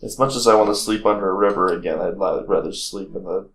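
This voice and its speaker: A man's voice: deep voice, fast talker, low-quality recording. A man playing in a tabletop game, casual and polite, speaking over faint music. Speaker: player.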